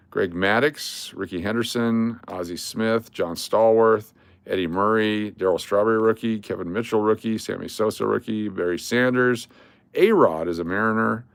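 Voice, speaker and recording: A man's voice: lowish voice, vocal fry, dry recording. An older man hosting a casual livestream, rattling off lists of cards and chatting to viewers. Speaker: livestream host.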